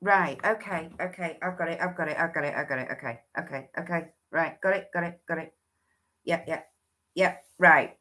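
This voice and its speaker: A woman's voice: low-pitched, normal speed, sharp tone. A woman hosting a livestream, giving a chatty oracle card reading that often restarts and thinks aloud.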